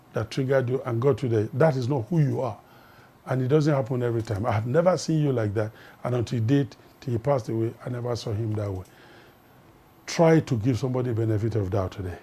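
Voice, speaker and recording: An older man, a life coach and pastor, giving a recorded motivational teaching talk. He speaks emphatically, slows down and pauses on stressed words, and repeats key phrases. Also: mid-range voice, dark tone, a little hiss or hum.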